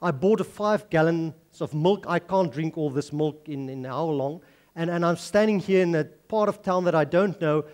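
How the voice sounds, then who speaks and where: A man's voice: fairly high pitch, normal speed, darkish tone, close to an everyday voice. A man with a South African accent voicing a nervous man who feels foolish while praying, in a sermon story. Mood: uneasy. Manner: uneasy, self-conscious pleading.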